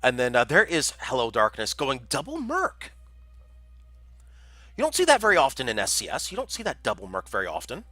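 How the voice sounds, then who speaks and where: A man's voice: mid-range voice, wildly swooping pitch, brisk, bright, forceful tone, no room sound, faint music behind. A man casting a community game tournament on a livestream, chatty and jokey, reading out chat messages. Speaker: tournament caster.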